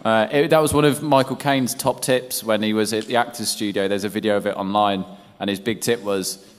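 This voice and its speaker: A man's voice: fairly low pitch, steady tone, clean tone. Joking young man in a reverberant hall. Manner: jokey, quick banter. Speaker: actor panelist. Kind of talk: convention panel Q&A. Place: convention panel hall.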